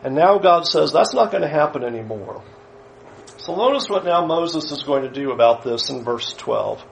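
A man's voice: fairly high pitch, lively intonation, moderate pace, gravelly, slight background noise, poor audio. A man preaching a sermon, earnestly paraphrasing scripture in a conversational way.

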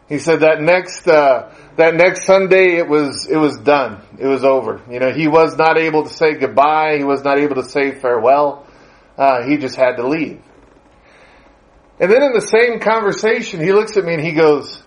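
A man delivering a sermon in a relaxed, storytelling manner. His voice sits a little higher than most men's. He speaks conversationally, with ums and small chuckles as he relays the story. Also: moderate pace, rough recording. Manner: conversational, anecdotal, with frequent fillers and chuckles. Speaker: preacher.

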